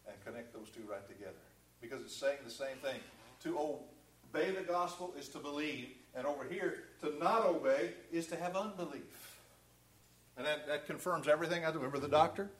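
A man preaching a sermon, emphatic, asking the congregation rhetorical questions and moving between loud stress and quiet asides. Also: fairly high pitch.

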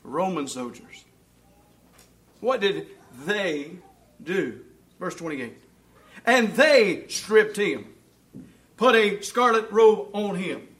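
A man preaching a sermon, reading scripture aloud, asking rhetorical questions, and swinging between loud emphasis and hushed asides. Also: high-pitched, animated, slow pace, long pauses. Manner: asks the congregation rhetorical questions.

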